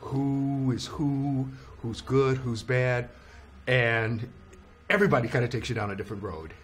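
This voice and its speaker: A man's voice: mid-range voice, unhurried, a little hiss or hum. A man interviewing film actors, prompting with short affirmations. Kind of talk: casual interview.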